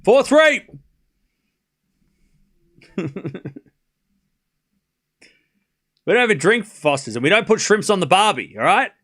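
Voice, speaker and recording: Lively young man calling tennis live. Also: high voice, a little slow, long pauses. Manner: excitable, shouts at big points, jokes with chat. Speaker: streamer doing live tennis watchalong commentary. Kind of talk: live play-by-play commentary.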